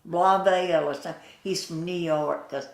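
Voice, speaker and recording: In an oral history interview, a Southern US older woman spins slow, folksy tales, chuckling and voicing the people she quotes. Her fairly low voice holds a steady tone in a roomy-sounding space.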